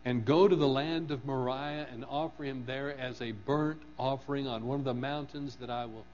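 A man preaching a sermon in an earnest manner, rising to fervent emphasis and dropping low on key phrases. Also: fairly even intonation, moderate pace, darkish tone. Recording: dull lo-fi recording with mains hum.

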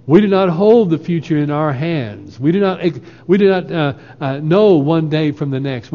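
A man preaching a sermon in a slow, earnest way, quoting scripture at length. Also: on the high side, dark tone. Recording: lo-fi with long hall reverb.

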